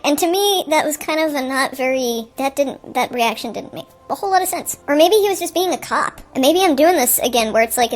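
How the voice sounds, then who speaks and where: A woman hosting a show, talking through a movie in a chatty, joking way full of rambling asides. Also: high-pitched. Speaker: show host. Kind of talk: improvised movie commentary. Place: at home watching TV.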